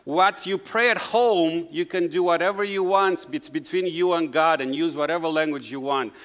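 A middle-aged pastor with a non-native English accent, preaching a conversational sermon full of "you know" asides. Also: male voice, a little high, normal speed, fairly bright tone.

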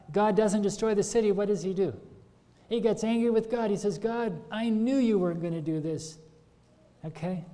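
High-voiced preacher in a reverberant hall. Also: male voice, mellow. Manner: earnest, questioning the congregation. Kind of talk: sermon.

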